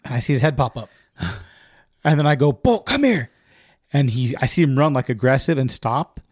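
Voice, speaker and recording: A man's voice: mid-range voice, steady tone, fairly quick, a little mellow, no room sound, studio quality. A laid-back man in his forties hosting a casual chat, swearing freely and calling his guest dude. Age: 40s.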